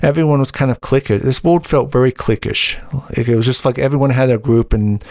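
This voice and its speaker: A man's voice: medium pitch, a little fast, a little mellow, no echo, studio quality. A young man hosting a podcast, telling a personal story in a heated, indignant way. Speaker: podcast host. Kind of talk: casual storytelling monologue.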